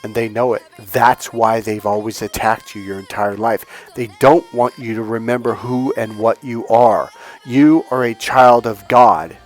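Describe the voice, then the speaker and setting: A man who coaches on dating and healing, giving an animated, preachy motivational talk and retelling a story. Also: mid-range voice, measured pace. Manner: animated, acts out other people's lines in the story; preachy, emphatic. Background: faint music.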